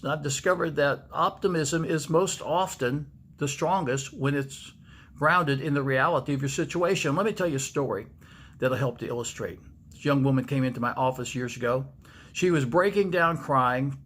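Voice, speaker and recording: A man's voice: fairly high pitch, fairly bright tone. A man, a pastor, giving a devotional video message to camera in a storytelling manner and repeating key lines for emphasis. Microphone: speaking to camera.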